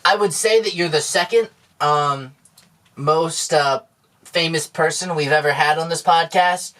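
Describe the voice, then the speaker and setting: A man with a slightly high voice co-hosts a comedy podcast in a dry, mock-formal tone. He plays it straight, talking with exaggerated politeness. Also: unhurried, sharp tone. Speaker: podcast co-host. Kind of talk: casual comedy podcast chat.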